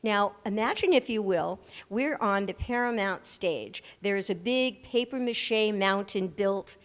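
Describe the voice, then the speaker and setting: An older woman, an actress, telling lively anecdotes as the guest in a live stage interview, acting out the people she quotes. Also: mid-range voice, a little slow, big-room sound. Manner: animated anecdote-teller who acts out the people she quotes. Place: large hall at a live audience event.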